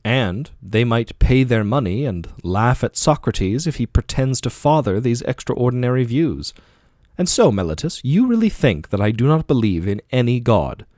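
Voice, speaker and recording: A man's voice: mid-range voice, big pitch swings, normal speed, darkish tone, no echo, studio quality, natural voice. A man reading the part of an aging male philosopher defending himself in court, with probing, rhetorical questioning. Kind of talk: audiobook dialogue reading.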